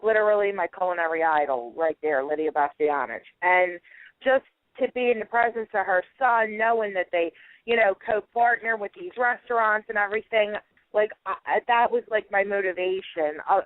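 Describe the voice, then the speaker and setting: A woman's voice: mid-range voice, dry recording. A woman is talking over a thin, tinny phone line in a chatty, storytelling way. She laughs often as she talks. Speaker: guest. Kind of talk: casual phone interview.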